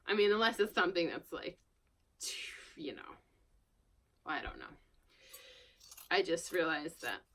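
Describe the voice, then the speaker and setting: This woman, a vlogger from Long Island, New York, talks to camera as she works at her indoor worktable, unhurried and very animated with frequent pauses. Her lowish voice is a bit bright, she often murmurs, and her rambling chat is casual and self-deprecating. A little hiss or hum is audible.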